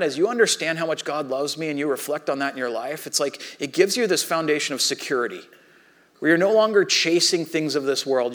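Middle-aged pastor, sermon delivery, casual storyteller who acts out dialogue, slightly raised male pitch. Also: fairly bright tone.

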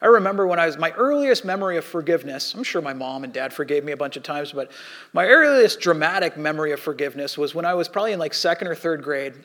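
A man's voice: a little high, expressive, quick pace, a bit bright. A pastor preaching a sermon, telling a story from his childhood and acting out the scenes, sometimes stumbling and repeating words.

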